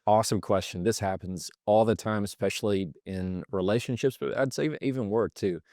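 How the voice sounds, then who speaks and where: A man's voice: on the low side, fairly quick, a little mellow, no room sound, studio quality. A man on a podcast as a guest, explaining communication habits through everyday examples and acting out the lines people say. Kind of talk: conversational explanation.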